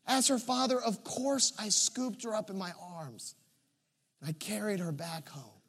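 A man in his thirties preaching a sermon, telling stories and swinging between soft, hushed moments and emphatic ones. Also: high voice, measured pace, slightly rough. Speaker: pastor.

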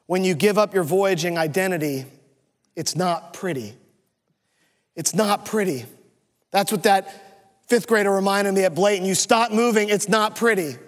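Male pastor, high voice, heartfelt storytelling sermon in a reverberant church hall. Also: moderate pace, long pauses. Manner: emotional, earnest storytelling. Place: church sanctuary.

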